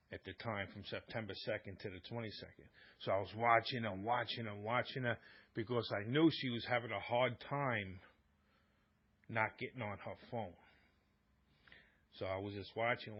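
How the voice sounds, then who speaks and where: Husky man rambling through a story. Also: lowish voice, highs cut off. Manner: rambling, repetitive, acts out both sides of quarrels. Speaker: live-stream talk host. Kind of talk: casual storytelling monologue.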